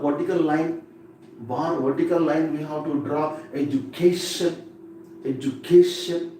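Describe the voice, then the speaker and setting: A man's voice: fairly high pitch, a little mellow. A man teaching an exam-prep English lesson, who repeats key words and drills pronunciation aloud. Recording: echoey room from far off with faint noise.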